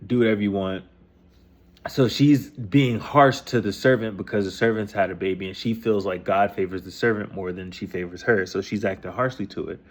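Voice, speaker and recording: A man's voice: fairly low pitch, a little fast, hardly any pauses. A man casually retelling a scripture story in loose, profane slang, reading passages aloud and then paraphrasing them. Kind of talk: casual rambling explanation.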